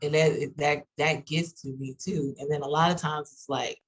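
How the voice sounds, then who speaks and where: A woman from Texas with a Texas accent, talking casually on a panel in a halting way with many restarts and fillers. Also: low-pitched, steady tone, breathy edge, poor audio.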